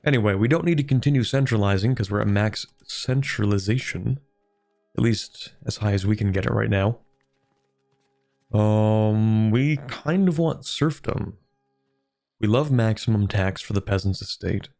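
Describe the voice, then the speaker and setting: A man's voice: lowish voice, normal speed, gravelly, darkish tone, faint music behind. A man streaming a strategy game, chatting casually, thinking aloud and answering viewers' questions. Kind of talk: casual gameplay commentary.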